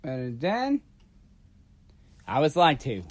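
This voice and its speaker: A man vlogging a casual, rambling rant about movies, halting often with fillers and restarts. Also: on the high side, very animated. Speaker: YouTube vlogger.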